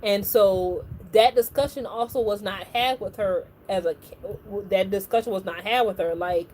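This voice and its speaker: A woman's voice: on the high side, mellow, a little hiss or hum, poor audio. A woman hosting a livestream, chatting casually and animatedly with many filler words. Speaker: livestream host. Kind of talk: casual reaction chat.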